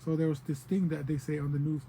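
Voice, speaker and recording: A man with a somewhat high, mellow voice gives a loose, informal language lesson. He wanders between examples and fills pauses with "um," slipping into playful voices when he quotes people. A faint hiss sits behind him. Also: low-quality recording. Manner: relaxed and digressive, with many fillers and playful quoted voices. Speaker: language teacher.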